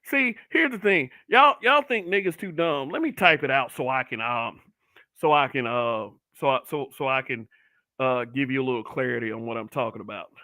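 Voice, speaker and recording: Pushed and bright, the mid-range voice of a middle-aged online talk show host moves at a moderate pace on a dry recording. He rants bluntly and profanely through a brutally honest solo broadcast, slipping into mocking put-on voices.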